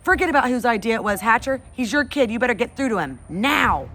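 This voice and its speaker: A woman playing a loud, bossy businessman. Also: high-pitched, fast talker, voice pushed up. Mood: angry. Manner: loud, barking threats. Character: angry, bossy middle-aged businessman.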